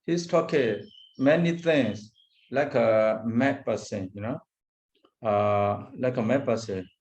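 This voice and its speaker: A man teaching as a Buddhist monk, lecturing on a Pali text, repeating terms and pausing often. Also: medium pitch, darkish tone. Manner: slow, repeats Pali terms, frequent hesitations.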